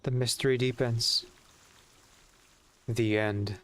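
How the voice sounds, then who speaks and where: A man's voice: mid-range voice, steady tone, slow, a bit bright. A man streaming a story game, reading the text aloud and chatting about it as he goes. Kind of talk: casual gameplay commentary and read-aloud.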